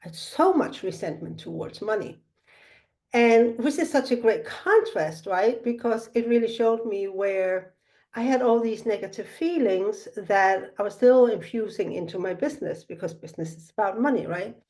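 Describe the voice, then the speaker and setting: A middle-aged woman speaking softly and reflectively, telling a personal spiritual story with many pauses and fillers. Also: medium pitch, expressive. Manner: soft-spoken, meandering, with frequent fillers.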